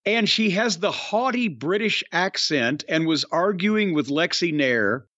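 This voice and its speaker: A high-pitched man hosts a podcast, blunt and profane, hitting his points with sharp rising stresses. His voice sounds dry and a little dull, like a lo-fi microphone in a dead room. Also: lively intonation, unhurried, no echo. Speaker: podcast host reviewing wrestling. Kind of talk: casual podcast chat.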